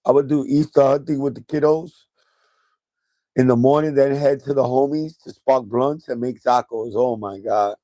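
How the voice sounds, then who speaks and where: A New York man hosts a casual sneaker livestream from a chair at home, telling a loose, profane story and laughing along the way. His medium-pitched, warm voice stays steady at a moderate pace, recorded dry.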